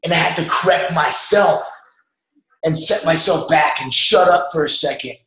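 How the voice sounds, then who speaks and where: A man's voice: on the high side, normal speed, a bit bright. A man giving an emphatic motivational talk to a group, coaching them to drop doubt. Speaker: motivational speaker. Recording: echoey room.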